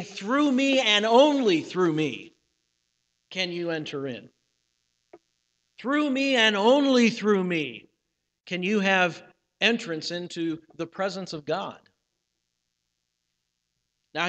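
A man preaching a sermon as pastor, measured, slowing down for emphatic phrases, with some restarts and fillers. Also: sits high, a bit bright. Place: church sanctuary. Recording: church hall with long reverb.

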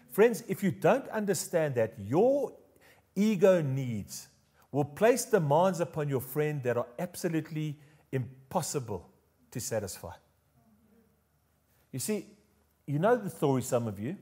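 This pastor, a man with a South African accent, delivers an animated, jokey sermon and draws the congregation into call-and-response. He speaks at a measured pace with long pauses, in a fairly high, husky voice.

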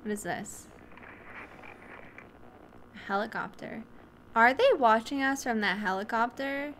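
A woman's voice: a little high, a little slow, a bit bright, a little hiss or hum. A young woman streaming a horror game, reacting expressively with swearing and laughter. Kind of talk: gaming commentary.

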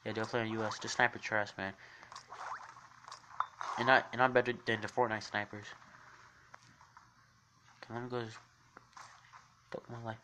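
A man livestreaming a shooter game, rambling and swearing as he reads and answers his chat in a jokey, excitable way. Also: on the low side, normal speed, pauses often, background noise. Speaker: game streamer. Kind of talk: casual livestream commentary reading chat. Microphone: phone mic while gaming.

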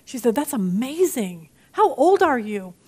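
A woman teaching a Bible study lesson in a chatty, animated way, acting out the people she quotes. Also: high-pitched, unhurried, husky.

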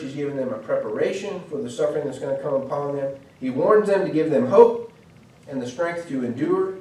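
Preacher, male, earnest teaching tone, mellow voice, echoey church from far off. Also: a little high, slight background noise. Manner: earnest, explanatory, with frequent restarts and fillers. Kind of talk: sermon. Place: church hall.

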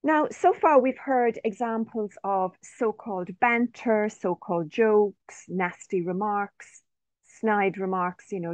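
A woman's voice: medium pitch, slow pace, no echo. A woman presenting interview research in an online talk, speaking carefully and reading participants' quotes aloud. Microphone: video call. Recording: dry, slightly dull online audio.

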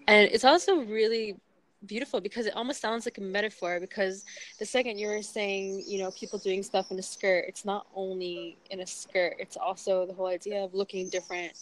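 A woman hosts a relaxed interview with an eager, friendly energy, quick to cheer her guest on. Her voice sits at a middle pitch and she speaks in loose, casual sentences. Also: rough recording. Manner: enthusiastic, quick with praise. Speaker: podcast host.

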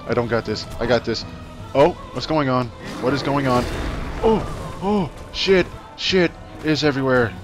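A man's voice: mid-range voice, moderate pace. A man commenting on his own gameplay, rambling between asides and trash-talking the enemies he fights. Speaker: let's play gamer. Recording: game music underneath. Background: game music.

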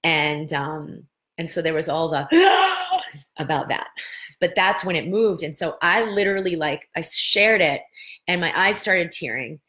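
A middle-aged woman hosting a casual live-stream talk, telling stories with lively gestures of voice and bursts of laughter. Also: low voice, normal speed. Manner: animated storytelling, breaks into laughter. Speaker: host.

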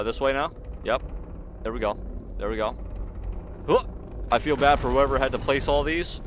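A man's voice: on the low side, noisy background. A man hosting a gaming channel, doing casual let's-play commentary; he talks to the screen in slang and yelps when he is startled. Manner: jumpy, talks to the screen, frequent frightened yelps; casual slang, says "bro" and "y'all".

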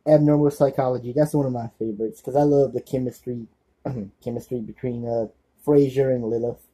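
A man hosting a casual show-and-tell vlog, talking haltingly with many fillers as he reads titles off one by one and breaks off to apologize when he forgets a name. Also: mid-range voice, fairly even intonation, dark tone, slightly rough, low-quality recording. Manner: forgetful, self-apologetic asides. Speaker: channel host.

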